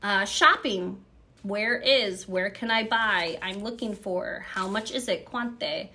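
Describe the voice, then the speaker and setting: A woman's voice: medium pitch, takes it slowly, bright, forceful tone. A woman from the United States hosts a podcast by herself. She talks in a loose, chatty way and drifts between thoughts. She stops now and then to read phrases aloud. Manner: chatty, rambling, reads phrases aloud from a book. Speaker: podcast host. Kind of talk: casual solo podcast talk.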